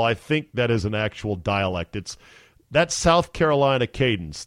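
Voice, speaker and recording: A man hosts a podcast in an easy, chatty way and leans hard into the words he wants to stress. His voice sits at a middle pitch. The sound is dry and close, with no room around it. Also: dry recording. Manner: chatty, enthusiastic, emphatic. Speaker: podcast host. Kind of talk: casual chat.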